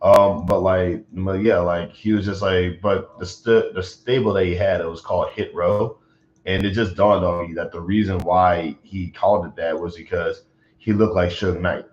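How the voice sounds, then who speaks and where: Low-voiced agitated man on a livestream. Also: level tone, moderate pace. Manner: agitated, rambling with many fillers. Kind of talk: casual livestream chat. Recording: roomy, dull lo-fi sound.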